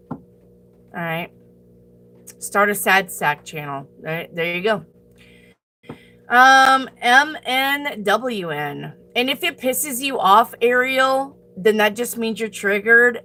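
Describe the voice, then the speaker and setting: A woman's voice: mid-range voice, pushed and bright. A woman reading tarot on a live stream, talking bluntly and profanely as she answers her chat and hands out tough advice.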